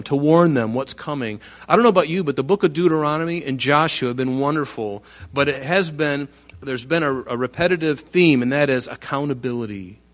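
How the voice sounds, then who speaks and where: A man's voice: mid-range voice, a bit bright. A male pastor delivering a sermon, reading Bible verses aloud and explaining them with earnest emphasis. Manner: earnest, emphatic, reads scripture aloud with rising force.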